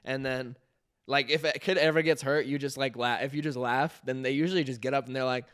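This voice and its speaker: Laid-back young man with a smooth voice. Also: medium pitch, fairly even intonation, brisk, fairly bright tone. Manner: laid-back, laughs often, says "dude". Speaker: podcast co-host. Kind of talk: casual chat.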